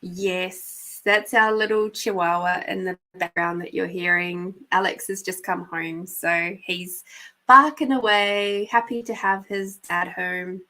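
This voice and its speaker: On a low-quality recording, a New Zealand woman with a New Zealand accent gives intuitive card readings on her live stream, speaking to viewers by name in a chatty, affectionate way. Her fairly low voice has a sharp tone, fairly even intonation, and a slow pace.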